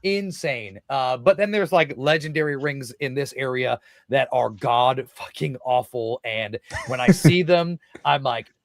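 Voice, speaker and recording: A man's voice: medium pitch, unhurried, few pauses, no echo. A man, a wrestler, telling stories on a casual podcast, swearing often, laughing through them, acting out other people's lines.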